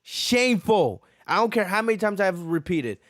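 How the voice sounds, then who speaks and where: A man's voice: high voice, brisk, a bit bright, dry recording, studio quality. A man hosting a podcast, giving a heated, profane wrestling review that repeats its points. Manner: ranting, repeats himself, profane. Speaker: podcast host.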